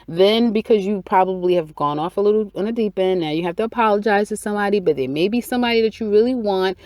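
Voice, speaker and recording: A woman's voice: medium pitch, quick pace, a little mellow, no echo. A woman giving a casual weekly tarot reading, chatty and repetitive, acting out people's inner thoughts. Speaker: tarot reader.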